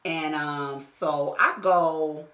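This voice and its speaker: Woman beauty vlogger, lowish bright voice, chatty and profane, storytelling over a makeup tutorial. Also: steady tone, drawn-out words. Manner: casual, slangy, profane storytelling; talks straight to the viewer with frequent check-ins. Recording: echoey room.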